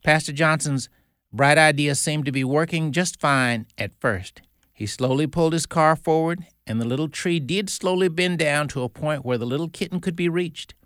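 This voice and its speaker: A man's voice: a little high, normal speed, a bit bright, no room sound, studio quality. A man hosting a Christian radio show, telling a story in an earnest, folksy way.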